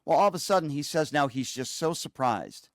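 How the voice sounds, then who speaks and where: Male talk host, fairly high voice, scornful and mocking, dry studio sound. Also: animated, fairly quick, no echo. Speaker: political talk show host. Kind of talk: opinionated political commentary.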